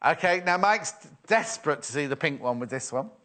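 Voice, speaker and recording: A man's voice: on the high side, expressive, brisk, a bit bright. A man presenting a live sewing shopping show, chatty and playful as he reads out viewer messages. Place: TV studio.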